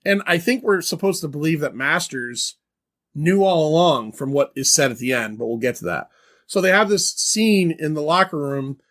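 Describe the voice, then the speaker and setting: A man co-hosts a pop culture podcast and talks through the movie with open excitement. His voice sits a bit high, and he swears freely in a casual manner. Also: normal speed. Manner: excitable, swears when reacting. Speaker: podcast co-host.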